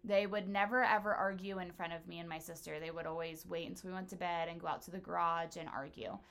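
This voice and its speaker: A woman's voice: fairly low pitch, level tone, fast talker, vocal fry, fairly bright tone. A woman hosting a casual chat, telling personal stories in a blunt, profane way.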